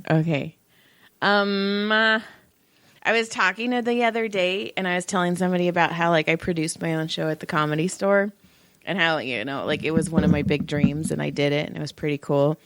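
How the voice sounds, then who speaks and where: A woman's voice: low-pitched, a little fast, smooth. A middle-aged woman co-hosting a podcast, telling stories with lots of swearing and acting out the people she quotes. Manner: profane, animated storytelling with put-on quoted voices. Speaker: podcast co-host. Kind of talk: casual chat.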